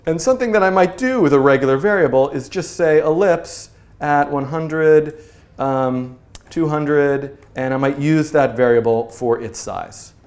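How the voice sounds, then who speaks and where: A man's voice: fairly high pitch, a little slow, a little mellow. Man, programming teacher, playful and self-mocking, thinks aloud, echoey room. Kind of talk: informal coding lesson at a whiteboard. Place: studio room with whiteboard. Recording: roomy echo.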